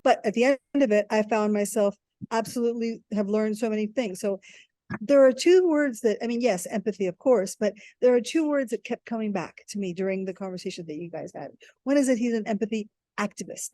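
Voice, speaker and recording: A woman's voice: mid-range voice, brisk, mellow, no room sound. A woman co-hosting a podcast, reflecting enthusiastically and thinking aloud about what she learned. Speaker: podcast co-host. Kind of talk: casual reflective chat.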